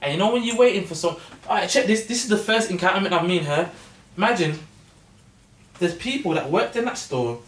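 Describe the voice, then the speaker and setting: A man's voice: high-pitched, expressive, fairly quick, a bit bright, slight background noise. A man, telling a story in casual podcast chat full of slang. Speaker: podcast co-host. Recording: echoey room, far from mic.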